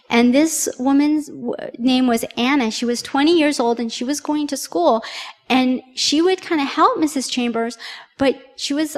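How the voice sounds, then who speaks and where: A woman telling a story to children at church, chatty, often asking them questions. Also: fairly high pitch. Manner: warm, conversational, addressing children with questions. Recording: long reverb in a large hall.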